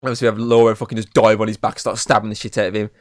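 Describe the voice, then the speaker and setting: A man's voice: fairly low pitch, flat delivery, very fast, no room sound, studio quality. A young man, chatting casually through a film recap, rambling and swearing, with "obviously" in nearly every sentence. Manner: rambling, says "obviously" constantly, swears freely. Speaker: podcast co-host. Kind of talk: casual film review chat.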